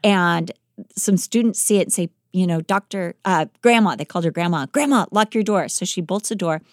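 A woman podcast host telling a life story in a lively, dramatic way, acting out the quoted lines. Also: fairly low pitch, fairly quick, dry recording, clean studio sound. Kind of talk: animated storytelling.

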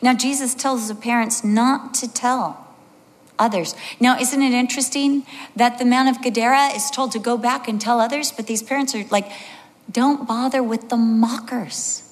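A woman's voice: a little high, moderate pace, big-room sound. A woman in her sixties preaching a sermon, telling stories with animation and acting out the voices of the people in them. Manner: animated storytelling, acts out voices.

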